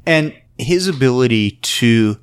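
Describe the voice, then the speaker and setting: A man hosting a podcast, casually recapping a convention panel in an animated storytelling way. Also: mid-range voice, unhurried, clean tone. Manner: animated storytelling, acts out quotes. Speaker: podcast host.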